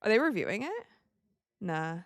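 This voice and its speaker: A young woman hosts a live watch stream, chatting casually and reacting to plays as they unfold. Her medium-pitched voice swings widely in pitch at a moderate pace, in clean studio-quality audio with no echo.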